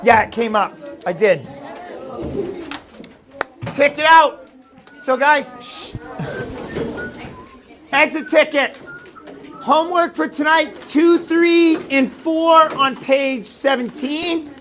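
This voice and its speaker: A man's voice: extremely high pitch, slow, long pauses, a crowd in the background, noisy background. A man with a Maine accent teaching a math class, chatty and jokey, often shushing his students. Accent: New England (Maine).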